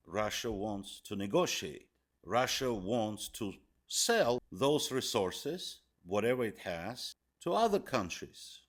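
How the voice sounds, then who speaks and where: A man's voice: lowish voice, fairly bright tone. A man giving a political commentary monologue, emphatic and hammering key words, speaking in broken English phrasing.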